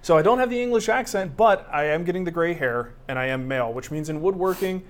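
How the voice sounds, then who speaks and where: A man's voice: a little high, fast. A middle-aged man co-hosting a woodworking live show, chatty, joking and self-mocking. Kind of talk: casual live-stream banter.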